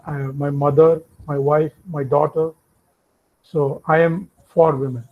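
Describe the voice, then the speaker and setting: A man, a workshop instructor telling an anecdote in a lecture with lively asides. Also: on the high side, a little slow, phone-quality sound. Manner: animated anecdotal storytelling with asides. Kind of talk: lecture storytelling.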